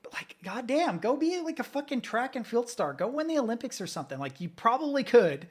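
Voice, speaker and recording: A man's voice: extremely high pitch, big pitch swings, fairly quick. A man from Kentucky reacting casually to videos as a streamer, chatty, swearing freely and laughing often.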